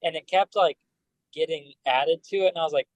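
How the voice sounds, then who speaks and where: A man, a band member guest on a podcast, telling animated stories full of fillers. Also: a little high, fairly quick, no room sound, poor audio. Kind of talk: casual storytelling.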